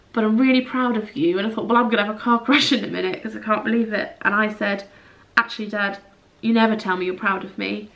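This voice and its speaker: A woman's voice: mid-range voice, creaky, a bit bright. A woman, chatting candidly to camera in a casual vlog, with lots of asides. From England. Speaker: vlogger.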